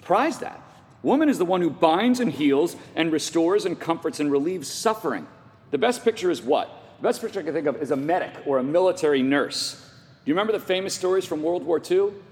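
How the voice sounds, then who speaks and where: A middle-aged male pastor preaching an emphatic sermon, full of rhetorical questions, with his voice sometimes catching with emotion. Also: fairly high pitch. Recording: long hall reverb.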